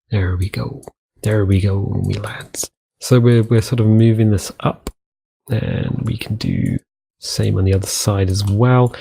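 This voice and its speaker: Warm and mid-range, this young man's voice carries a casual let's-play on his gaming channel. He chats to himself rambling, repeating words as he works.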